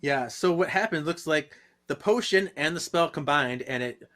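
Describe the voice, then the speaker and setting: A man's voice: a little high, normal speed, sharp tone. A man on a podcast panel chatting casually as he recaps a comic, laughing often and reading its dialogue aloud.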